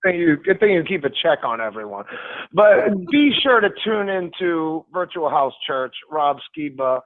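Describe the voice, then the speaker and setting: A man's voice: a little high, dry recording. Preachy male caller over a phone line. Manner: preachy, talks over the host. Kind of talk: casual phone call.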